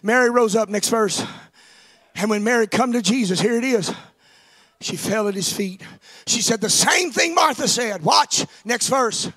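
A man preaching a sermon, swinging from hushed, whispered lines to loud, sing-song shouting, calling out to members of the congregation. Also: high-pitched, lively intonation, a little slow. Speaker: pastor.

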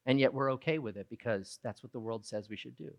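A preacher delivers a sermon at a quick pace in a creaky voice, shifting from low, quiet reflection to a loud, emphatic retelling of a story.

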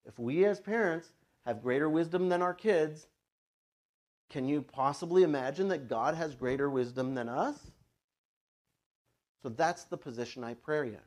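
A man's voice: a little high, normal speed, creaky, pauses often, darkish tone. Conversational man preaching a sermon. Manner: conversational, plays God and a child in quoted asides. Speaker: pastor.

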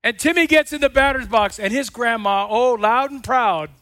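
A male pastor delivering a sermon in a high, bright-pitched voice. He leans on repetition and swings from forceful declarations to quiet, drawn-out asides. The sound is close and dry, with almost no room echo. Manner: dynamic, swings between loud and hushed, repetitive emphasis.

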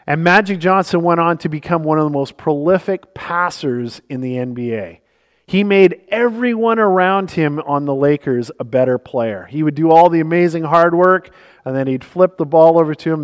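A male pastor preaching a sermon in a church, earnest and emphatic, telling stories to make his point. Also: a little high. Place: church sanctuary. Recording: long reverb of a church hall.

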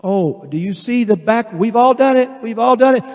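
A male pastor preaching a sermon, animated and emphatic, acting out voices of the people he describes. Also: extremely high pitch, moderate pace, in a large hall. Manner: animated, acts out quoted voices, builds to emphatic declarations.

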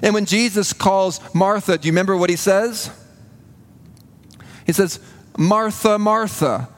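A man preaching a sermon in a church, earnest and building to a hushed intensity on key points. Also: sits high, fairly even intonation, normal speed. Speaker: pastor.

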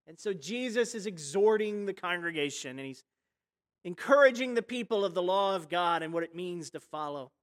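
A pastor delivering a sermon in a chatty, storytelling manner. The voice leans on rhetorical questions and swings from quiet, hushed lines to loud, dramatic ones. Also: mid-range voice, lively intonation, normal speed.

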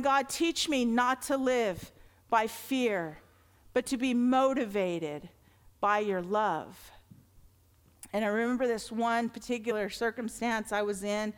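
A middle-aged woman pastor giving a sermon in an earnest, conversational way, swelling into emphatic lines. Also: high-pitched. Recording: long reverb of a large hall.

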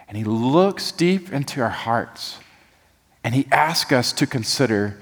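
A man delivers a sermon in a church. His voice carries a long hall reverb around it. He preaches in an animated, folksy way, then sinks to a hush to press his point. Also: medium pitch, measured pace, slightly rough. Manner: animated, folksy preaching, drops soft for emphasis. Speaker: pastor. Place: church sanctuary.

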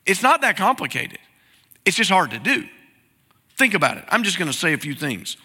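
A high-pitched man preaches a conversational sermon, peppering it with rhetorical questions. His tone is strikingly bright and sharp. The voice carries a long reverb from a large church sanctuary. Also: very animated, brisk, breathy edge. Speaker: pastor.

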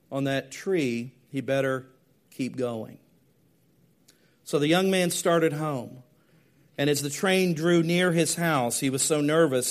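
A man preaching a sermon, telling a story and moving from hushed, slow lines to loud, emphatic ones. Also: a little high. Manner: dynamic, swings from hushed to emphatic.

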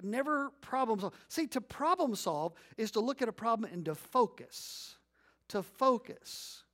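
High-voiced animated male preacher. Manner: animated storytelling, acts out scenes, sudden loud bursts; leads congregation in responsive reading. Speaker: pastor. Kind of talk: sermon.

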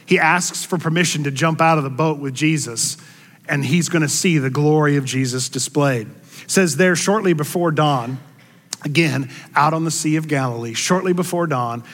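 Pastor type, male, slightly higher voice, delivering a sermon with dramatic lifts for quoted lines, reverberant church sound. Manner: expressive, rises in pitch and volume for quoted words. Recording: long hall reverb.

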